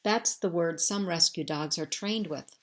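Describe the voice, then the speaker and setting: A woman's voice: on the low side, measured pace, natural voice. A woman reading aloud, voicing an eager young American rescue worker who talks earnestly and coaxes a dog.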